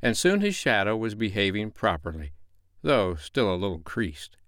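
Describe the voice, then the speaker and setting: A man reads a classic novel aloud as a bedtime storyteller, with a lowish voice and lively, rising and falling intonation. The sound is close and dry, with no room around it. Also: no room sound. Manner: expressive, measured reading. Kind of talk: audiobook narration of a classic novel.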